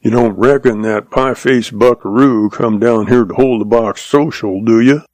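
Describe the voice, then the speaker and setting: A man voicing a sharp-tongued cowboy who sneers and talks with sarcasm, in a western audiobook. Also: mid-range voice, moderate pace, no room sound, natural voice. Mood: sneering.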